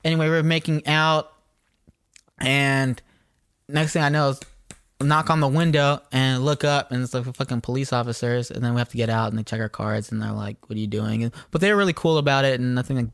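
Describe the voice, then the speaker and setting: A man's voice: medium pitch, fairly quick, creaky, no echo, studio quality. A young man, co-hosting a podcast and telling casual stories with lots of swearing. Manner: swearing, animated storyteller. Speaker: podcast co-host. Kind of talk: casual storytelling chat.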